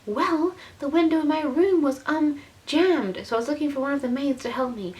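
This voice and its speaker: A woman voicing a quick, secretive young girl detective from a storybook. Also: medium pitch, natural voice. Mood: flustered.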